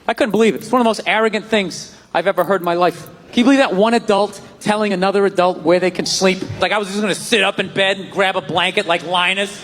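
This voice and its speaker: High-voiced man ranting on stage. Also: quick pace, hardly any pauses. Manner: animated, shouting rants. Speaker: stand-up comedian. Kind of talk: stand-up set. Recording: live club with crowd and reverb.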